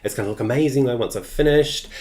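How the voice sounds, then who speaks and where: A man of middle age hosts a live-streamed crafting tutorial. His mid-pitched voice wanders easily between demonstration and replies to viewers, full of ums and uhs in a loose, friendly chat. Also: quick pace, a little mellow. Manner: chatty, loose, many ums and uhs, answers viewer comments.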